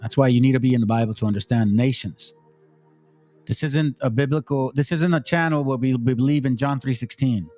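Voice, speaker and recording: A man's voice: medium pitch, brisk, warm tone, soft background music. A man hosting a channel, giving blunt, preachy commentary on video clips, swearing freely and reading scripture aloud in a stately cadence.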